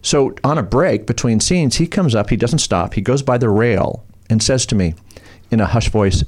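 A middle-aged man, a comedian and former TV host, telling stories in a lively chat and slipping into voices. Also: medium pitch. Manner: rapid, animated storyteller who slips into voices. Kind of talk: casual chat, storytelling.

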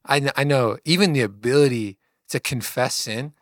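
A man's voice: medium pitch, moderate pace, no room sound, studio quality. A man co-hosting a church podcast, talking earnestly and encouragingly in a casual way, with many "like"s. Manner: earnest, encouraging, says "like" often. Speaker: podcast co-host.

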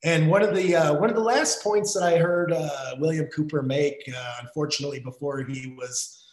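An American man in casual conversation, talking haltingly with many fillers and restarts. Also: fairly high pitch, steady tone, darkish tone, echoey room, low-quality recording. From United States.

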